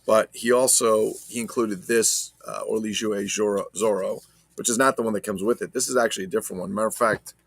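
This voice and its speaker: A man's voice: fairly low pitch, steady tone, brisk, vocal fry, no room sound. A man casually chatting about his toy collection, rambling and swearing as he talks to viewers. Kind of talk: casual unboxing chat.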